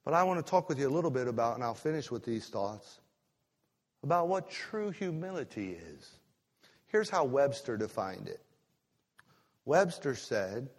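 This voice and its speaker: A male pastor preaching a sermon, drawing words out for emphasis and breaking into sudden loud rises. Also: mid-range voice, big pitch swings, normal speed, pauses often, big-room sound.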